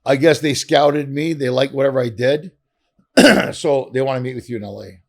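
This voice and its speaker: A middle-aged man from Canada, a comedian guest telling animated stories and acting out dialogue with swearing. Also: medium pitch, moderate pace, creaky. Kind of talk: casual storytelling interview.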